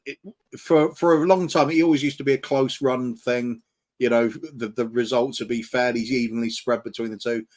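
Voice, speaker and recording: A man co-hosting a live fan stream, talking in a reflective, rambling way. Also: fairly low pitch. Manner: reflective, rambling, many restarts and fillers. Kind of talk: casual chat on a live stream.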